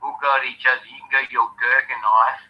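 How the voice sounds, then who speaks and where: A man's voice: medium pitch, flat delivery, quick pace. A man with an Australian accent ranting furiously and profanely at someone on a live stream call. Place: bathroom. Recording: muffled phone line.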